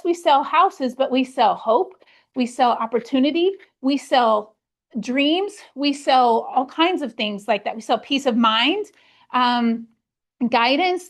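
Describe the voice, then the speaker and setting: High-voiced woman giving a team pep talk. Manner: earnest, storytelling, acts out her own past worries. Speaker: real estate team leader. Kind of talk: motivational team meeting talk.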